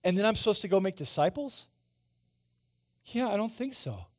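Brief: man in his forties, pastor preaching in church, talks to the congregation conversationally, slightly higher voice. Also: big pitch swings, moderate pace. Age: 40s. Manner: conversational, asks the congregation questions. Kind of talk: sermon. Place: church sanctuary.

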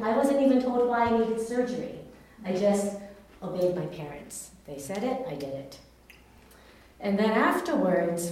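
A woman's voice: medium pitch, mellow. A woman earnestly recounting her own experience in short, plain phrases. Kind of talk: personal storytelling. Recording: very echoey room, voice far from mic.

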